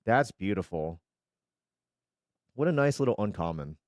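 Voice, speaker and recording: A man's voice: fairly low pitch, very animated, a little slow, darkish tone, no room sound, clean studio sound. A male streamer chatting casually while opening card packs, swearing freely and tripping over card names.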